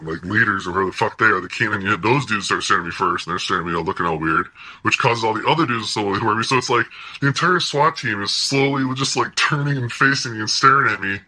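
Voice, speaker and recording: Husky-voiced man with a very bright, tense tone. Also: on the low side, fast, poor audio. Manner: animated, swearing often, laughing between lines. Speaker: vlogger telling a personal story. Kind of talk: casual profane storytelling.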